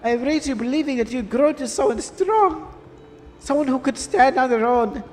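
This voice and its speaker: A man's voice: extremely high pitch, normal speed, a little mellow, long reverb tail, a little hiss or hum, voice pushed up. A man voicing a distraught, pleading middle-aged mother in a game, with a put-on foreign accent. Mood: pleading, bitter.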